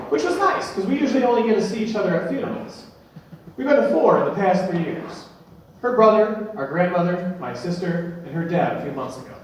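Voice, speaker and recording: A young man performing a stand-up comedy set with a dry, deadpan delivery that builds to punchlines. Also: high-pitched. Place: comedy venue stage. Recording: echoey room, distant mic, faint noise.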